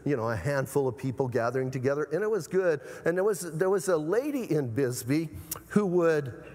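A pastor from Arizona preaching a sermon in an emphatic manner, repeatedly urging the congregation to listen. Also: male voice, on the high side, expressive, fairly quick, a little mellow. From Arizona, USA. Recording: long hall reverb.

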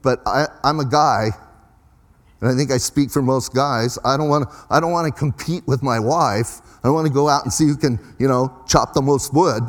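A man's voice: medium pitch, normal speed, in a large hall. A middle-aged man preaching a sermon as pastor, in a folksy, conversational way with emphatic rises.

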